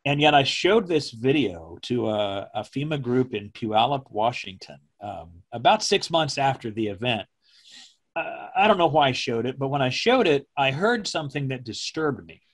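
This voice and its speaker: A middle-aged man, a former television meteorologist, recalling events in a slow, measured way that turns emotional. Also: medium pitch, sing-song. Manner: slow, measured, speaking from the diaphragm. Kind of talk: emotional personal recollection.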